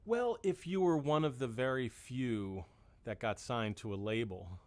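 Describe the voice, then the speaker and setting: A man's voice: mid-range voice, unhurried. A man in his fifties chatting as a musician guest, rambling and self-deprecating, with many restarts. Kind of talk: casual chat.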